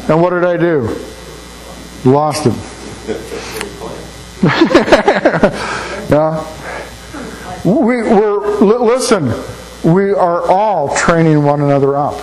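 A man's voice: high voice, lively intonation, very slow, long pauses, darkish tone, rough recording. An older man preaching a sermon in a folksy, anecdotal way, often repeating words as he thinks. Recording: faint mains hum.

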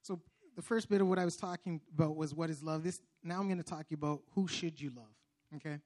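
A young man giving an earnest testimony sermon, preacherly, with restarts and loud emphatic bursts. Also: on the high side, fairly even intonation, fairly quick.

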